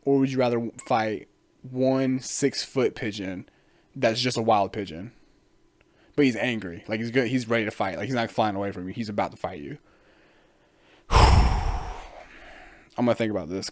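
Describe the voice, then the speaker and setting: A man's voice: lowish voice, normal speed, pauses often, no room sound. A man hosting a casual solo podcast, rambling, swearing freely and laughing often. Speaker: podcast host.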